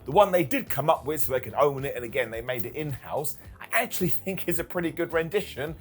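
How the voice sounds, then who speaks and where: A man's voice: a little high, animated, fast, soft background music. A man hosting a casual, jokey commentary video, talking to camera with playful asides. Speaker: wrestling commentary host.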